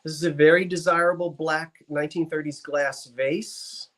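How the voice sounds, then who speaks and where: A man hosts a live antiques sale online, talking in a chatty, genteel way. His voice sits a bit high, and he drifts into theatrical asides between bids. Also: steady tone, normal speed, a bit bright. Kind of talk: live auction stream.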